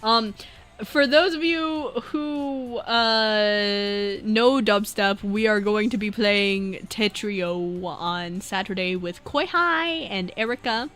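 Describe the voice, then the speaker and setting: A woman streaming as a VTuber, chatting casually and reading viewer messages, rambling and breaking into loud laughs. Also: mid-range voice, slow pace, clear, resonant tone.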